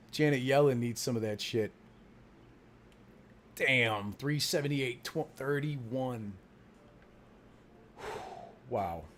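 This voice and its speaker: A man talking off the cuff on his own trading livestream. His voice sits at an ordinary pitch, and he swings between mumbled asides about his positions and loud, laughing bursts of profanity. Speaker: stock market livestream host. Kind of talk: casual trading livestream chat.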